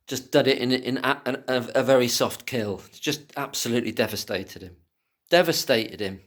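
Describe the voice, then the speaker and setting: A man giving impassioned solo commentary who swears freely and swings from angry ranting to quiet muttering. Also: medium pitch, normal speed.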